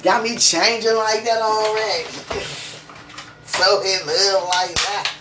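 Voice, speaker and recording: Slow-talking woman, echoey and far off. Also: mid-range voice. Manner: rambling, full of "you know"; fervently religious, gushing. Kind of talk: casual chat to a partner. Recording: echoey room, far from the mic, steady background noise.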